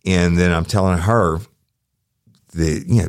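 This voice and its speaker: A man's voice: sits low, unhurried, smooth, dry recording, clean studio sound. A middle-aged man, a former deputy, rambling through a profane true-crime story and acting out the quotes. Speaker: podcast host, former sheriff's deputy.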